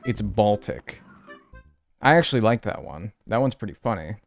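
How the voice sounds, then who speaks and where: A man's voice: fairly low pitch, very animated, quick pace, soft background music. A man streaming a game live, chatting casually and joking with his chat from his room.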